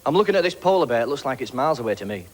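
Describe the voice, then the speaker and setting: A man from Blackpool with a Lancashire accent, doing a stand-up comedy routine of quick, punchy one-liners. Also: mid-range voice, sing-song. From Blackpool, England.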